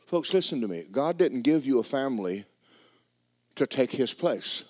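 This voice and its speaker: A man preaching a sermon, swinging from loud exhortation to quiet, joking asides. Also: mid-range voice, big pitch swings, normal speed, dry recording.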